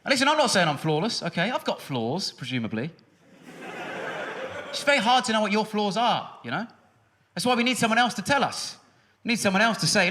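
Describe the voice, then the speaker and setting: A man doing stand-up on a big hall stage, his voice bright and swinging widely up and down. He delivers sarcastic, punchy lines into a stage mic and now and then shouts them out. A faint hiss sits under the set. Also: high voice, big pitch swings, brisk, pauses often. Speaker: stand-up comedian. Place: large music hall stage before a live audience. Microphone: stage microphone.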